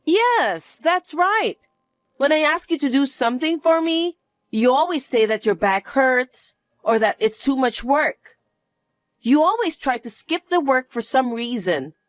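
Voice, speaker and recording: Here a woman plays a young daughter-in-law in a narrated family drama, sounding scornful and harsh, her voice fairly high and her delivery swinging and lively. She speaks at a measured pace; the sound is close and dry with no echo, and faint music sits beneath her.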